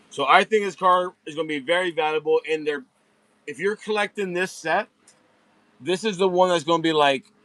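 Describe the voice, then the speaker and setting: A man hosts a late-night live sale from a warehouse, talking casually to his viewers and building up hype for each pull. His voice sits a bit high for a man. The sound is dry, with almost no room echo. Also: fairly bright tone. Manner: chatty, hypes each pull, speaks straight to viewers. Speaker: host of a live online diecast car sale. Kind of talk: casual live-stream sales chat.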